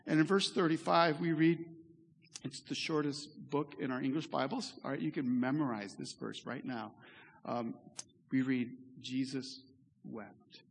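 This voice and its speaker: A pastor giving a sermon in a church, earnest and conversational, with asides to the congregation. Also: male voice, a little high, normal speed, vocal fry, husky. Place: church sanctuary. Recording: echoey hall reverb.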